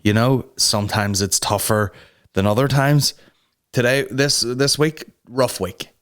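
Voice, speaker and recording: A man, talking casually as the host of a comedy podcast. He rambles, swears freely and drifts into sarcasm, his pitch sitting at an ordinary middle level for a man. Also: fairly even intonation, measured pace, a bit bright, clean tone.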